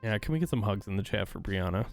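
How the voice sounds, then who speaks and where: A man's voice: lowish voice, expressive, fast talker, vocal fry, faint music behind. A man from the United States hosting a livestream, ranting in a heated, profane, exasperated way while reading and answering chat. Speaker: streamer host.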